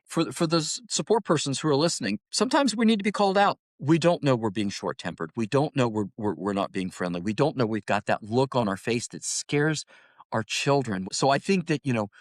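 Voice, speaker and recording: A middle-aged man talks through a podcast interview as a guest, telling stories with lively bursts. His voice is mid-pitched for a man and sits close and dry on the microphone. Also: fairly quick, no room sound. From Ohio, United States. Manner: storytelling, animated, repeats words when starting. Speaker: podcast guest, retired highway patrol officer. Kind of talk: casual interview talk.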